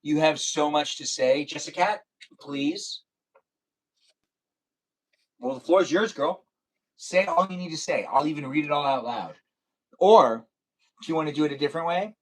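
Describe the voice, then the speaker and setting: Playful livestreaming man, slightly high voice. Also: moderate pace, pauses often. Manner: playful, teasing, talks straight to viewers. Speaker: livestreamer reading chat. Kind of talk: casual livestream chat.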